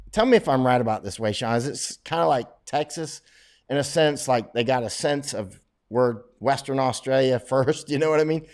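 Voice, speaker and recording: A middle-aged American man from Florida, rambling casually as he answers viewer questions on a livestream, often restarting and laughing as he talks. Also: mid-range voice. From Florida, United States.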